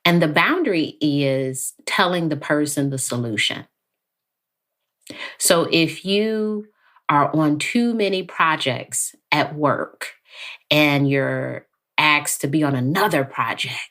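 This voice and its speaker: A woman guest on a podcast interview, talking calmly and evenly, sometimes acting out quoted lines. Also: sits low. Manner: calm, measured, acts out quoted lines. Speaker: therapist guest.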